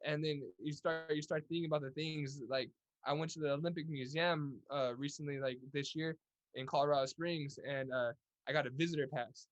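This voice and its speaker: A man's voice: a little high, steady tone, fairly quick, muffled recording. A young man from California's Central Valley, a guest telling stories in a casual interview, upbeat with many restarts. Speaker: guest, Olympic boxer.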